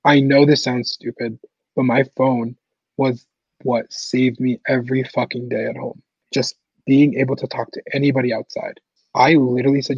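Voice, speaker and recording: A young man with a husky, slightly breathy voice recounts his story in an easygoing way, peppering nearly every phrase with "like". The recording is dry and a bit dull, with no room around him. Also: medium pitch, little pitch movement, normal speed, no room sound. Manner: casual, heavy use of "like" fillers. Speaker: podcast guest. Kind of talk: personal storytelling interview.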